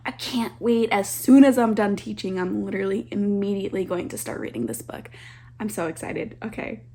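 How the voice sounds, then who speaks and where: A young woman in her twenties, talking fast and excitedly in a casual reading vlog. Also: mid-range voice. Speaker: book vlogger.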